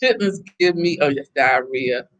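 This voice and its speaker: A middle-aged woman from the Southern United States hosting a casual live stream, chatting and reacting to viewer comments in an animated way. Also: rumbling low, moderate pace. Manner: chatty and animated, laughing often. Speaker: host reading viewer comments.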